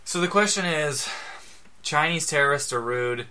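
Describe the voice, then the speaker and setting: A man's voice: fairly high pitch, animated, normal speed, pushed and bright. A man co-hosting a casual comedy podcast, asking questions, hesitating and laughing easily. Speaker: podcast co-host.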